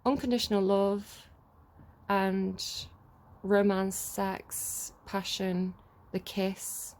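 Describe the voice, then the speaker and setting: A woman's voice: medium pitch, flat delivery, extremely slow, darkish tone, slight background noise. A young adult woman giving a casual tarot reading, rambling and correcting herself as she reads card text aloud. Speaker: tarot reader.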